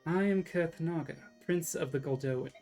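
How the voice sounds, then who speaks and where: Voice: medium pitch, moderate pace, dark tone, faint music behind, close to an everyday voice. A streamer reading out a young male dragon prince from a fantasy game, formal and polite. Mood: dignified. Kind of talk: reading game dialogue aloud.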